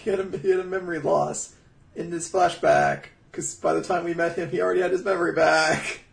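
A man's voice: fairly high pitch, flat delivery, a little fast, vocal fry. A man co-hosting a casual podcast who chimes in with dry, joking asides. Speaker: podcast co-host. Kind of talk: casual chat.

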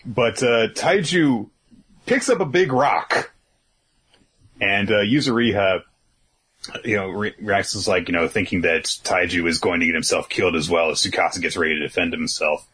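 A man's voice: low-pitched, moderate pace, pushed and bright, breathy edge. A man co-hosting a casual podcast, recapping comic chapters in a laid-back way with lots of fillers and the odd chuckle. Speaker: podcast co-host. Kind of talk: casual manga chapter discussion.

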